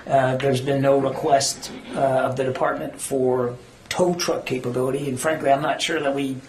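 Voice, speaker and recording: A man with a medium-pitched, darkish voice that barely moves in pitch answers reporters at a moderate pace, speaking as a government spokesman. The briefing room echoes, with slight background noise, and his earnest, emphatic answers sometimes stall as he looks for words.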